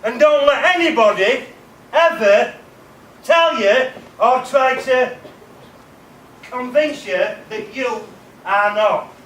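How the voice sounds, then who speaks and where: A man's voice: extremely high pitch, slow pace, pauses often, a bit bright, slight background noise. A man with a stammer giving an emphatic motivational talk to students, repeating key words. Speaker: keynote speaker. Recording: roomy, distant mic, faint music.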